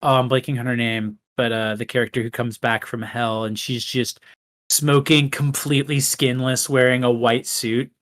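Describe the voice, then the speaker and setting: A man's voice: mid-range voice, flat delivery, moderate pace, fairly bright tone. Male podcast co-host, loose rambling delivery, lots of "like" and restarts. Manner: rambling, frequent fillers and restarts. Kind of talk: casual film discussion.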